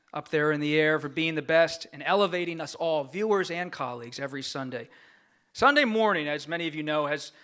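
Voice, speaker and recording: Bright-voiced man giving a heartfelt acceptance speech. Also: on the high side. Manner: earnest and grateful, reading a prepared speech. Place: large gala banquet room.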